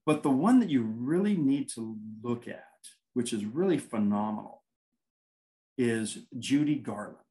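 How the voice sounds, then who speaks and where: Man guest, mid pitch, rambling storyteller who acts out quoted exchanges. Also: a little slow, low-quality recording. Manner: rambling, animated anecdotes with quoted dialogue. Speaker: paranormal investigator guest. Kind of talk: casual interview storytelling.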